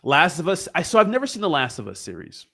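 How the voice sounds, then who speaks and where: A man's voice: fairly high pitch, huge pitch swings, fast talker, sharp tone. A young man hosting a crypto livestream, chatting casually with viewers in a rambling, profane, joking way.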